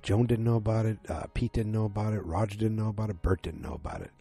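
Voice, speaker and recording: A man's voice: fairly low pitch, fairly even intonation, quick pace, vocal fry, dark tone, slightly rough, soft background music. A man casually recapping a TV episode, rambling with fillers and restarts and acting out characters' lines. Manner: rambling, many fillers and restarts, acts out quotes.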